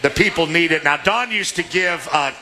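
A man's voice: on the high side, moderate pace, bright, forceful tone. A man from Southern California hosting a live sports radio remote from a restaurant, joking and often laughing. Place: restaurant, indoors public space.

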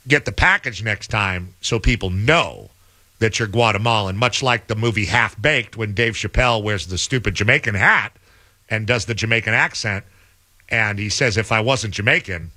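A man's voice: lowish voice, moderate pace, pushed and bright. A man co-hosting a sports radio show, trading playful, teasing banter and stretching words out for emphasis. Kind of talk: casual sports talk banter.

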